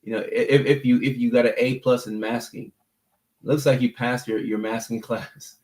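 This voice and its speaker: A man's voice: mid-range voice, steady tone, normal speed, a little mellow, roomy sound. A man hosting a casual livestream as a mental health clinician, answering viewer comments in an easygoing, talkative way and often repeating words as he thinks.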